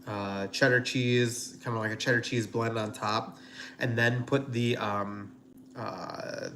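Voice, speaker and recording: A man's voice: medium pitch, fairly bright tone, a little hiss or hum. A man hosting a casual cooking livestream from his home kitchen, rambling and chatty with lots of fillers. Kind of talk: casual live-stream chat.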